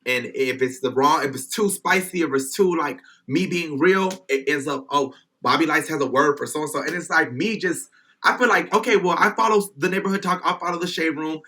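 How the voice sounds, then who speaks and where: A man from Miami speaks as a podcast guest, his voice fairly high and bright. He is blunt and outspoken, speaking his mind in casual conversation. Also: normal speed. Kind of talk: casual interview chat.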